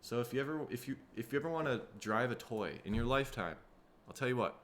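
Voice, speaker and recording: A man from Minnesota, hosting a casual solo podcast, tired and rough in the throat, rambling and swearing freely. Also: mid-range voice, lively intonation, quick pace, fairly bright tone, slight background noise. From Minnesota, USA. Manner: rambling, profane, laid-back. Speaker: podcast host.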